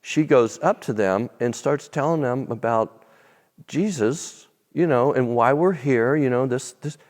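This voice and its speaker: A man telling a faith testimony as an interview guest, animated and then dropping soft and low at tender moments. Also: unhurried. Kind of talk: storytelling testimony. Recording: long reverb.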